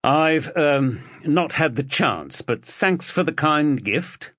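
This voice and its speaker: A stubborn, worn-out police detective with short, dry replies, as a male narrator plays him. The voice sits a bit above the narrator's own with a lively lilt. The recording is dull and dry. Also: on the high side, slow, no room sound, voice pushed up. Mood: terse.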